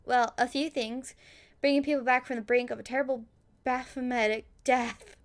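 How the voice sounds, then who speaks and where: A woman voicing a proud, measured chief medical officer. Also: high voice, fairly even intonation. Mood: boastful. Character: proud male doctor with tentacles.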